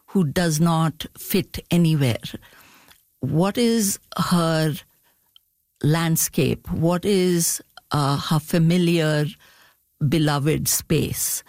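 A middle-aged woman speaks with a lowish voice, taking her time as a novelist reflecting in an interview. She laughs easily between thoughts. The sound is close and dry. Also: a little mellow, no echo. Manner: thoughtful, unhurried, laughs often while talking.

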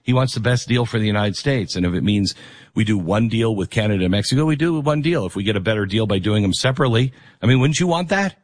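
A man's voice: fairly low pitch, lively intonation, quick pace. A man hosting a radio talk show, talking casually with lots of fillers, restarts and sarcastic asides. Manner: rambling, chatty, sarcastic asides. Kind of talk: conversational radio monologue and host-read ad.

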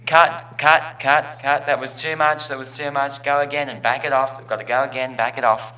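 A bossy film director yelling through a megaphone, as a man puts him on in a joke. Loud, clipped and commanding. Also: medium pitch, flat delivery, normal speed, close to an everyday voice, low-quality recording. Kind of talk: joke told with put-on voices.

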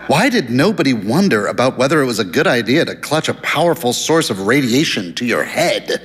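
A man reading a story aloud as narrator, in a wry, measured storytelling manner with lively emphasis. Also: mid-range voice. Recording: long hall reverb.

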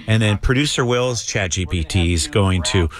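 A man's voice: fairly low pitch, normal speed. A man hosting a morning radio show, talking in a casual, playful way.

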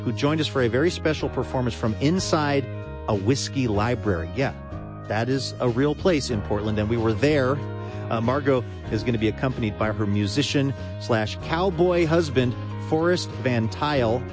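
A man's voice: mid-range voice, moderate pace. A man hosting a radio show, reading its links in a breezy, joking way. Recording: studio voice over a music bed.

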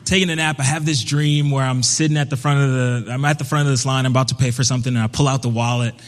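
A young man from Brooklyn telling a personal story on stage in a relaxed, conversational way, slipping into higher, livelier voices for the people he quotes. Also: quick pace. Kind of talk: live storytelling performance. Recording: long reverb of a hall.

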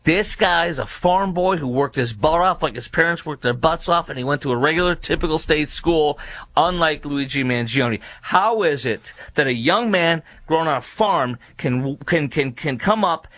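A man's voice: on the high side, moderate pace, fairly bright tone, no echo. A man giving indignant opinion commentary, mocking and asking repeated rhetorical questions, with many fillers. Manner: frequent fillers and restarts. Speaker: political commentator.

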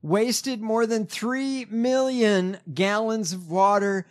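A man's voice: sits high, steady tone, slow. A man with a somewhat raised voice co-hosts a loose political chat. He reads headlines aloud and breaks into sarcastic, profane commentary. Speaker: podcast co-host.

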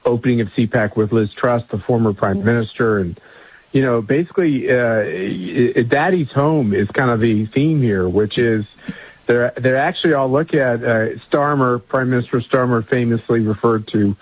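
Husky man on a dull remote line. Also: mid-range voice, no room sound. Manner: earnest, measured, with fillers and restarts. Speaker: guest, conservative group chairman. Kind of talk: radio interview by remote line.

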